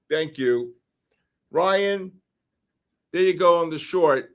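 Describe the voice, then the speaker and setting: A man hosting a livestream, reading out numbers and usernames for a giveaway and getting excited about each winner. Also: a little high, extremely slow, pauses often. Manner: excitable, shouts when names are drawn. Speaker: livestream host. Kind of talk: live-stream giveaway draw.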